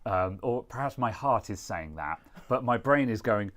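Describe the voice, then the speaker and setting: Low-voiced british guy rambling on his stream, jokey and self-mocking. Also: animated, normal speed, hardly any pauses, fairly bright tone. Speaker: streamer host. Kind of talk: casual chat on a live stream.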